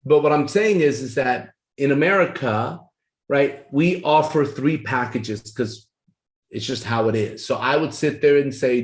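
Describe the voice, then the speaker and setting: A man giving a sales training talk, acting out the dialogues of a sales pitch in an animated way. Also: a little slow, roomy sound.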